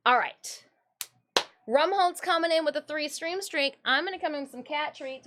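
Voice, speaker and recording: A woman from Michigan chats casually on her live stream. Her voice sits a little high for a woman. She greets viewers, rambles and talks to her cats. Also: lively intonation, normal speed, fairly bright tone.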